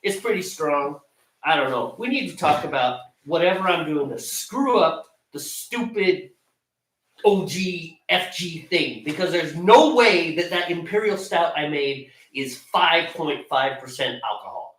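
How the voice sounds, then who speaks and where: A man with a bright, high, very animated voice runs through his home brew recipe with exasperated, joking asides. He sounds far from the mic in an echoey room. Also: measured pace. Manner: animated, exasperated, self-mocking. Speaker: homebrewer co-host of a live stream. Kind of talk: casual ranting chat. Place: home brewing area, computer far away.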